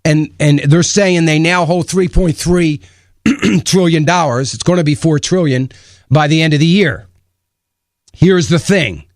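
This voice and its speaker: A male talk radio host with a fairly high voice, speaking his mind with emphasis and tossing out rhetorical questions. The studio sound is dry and close, with no room echo. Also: a little slow. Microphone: studio microphone.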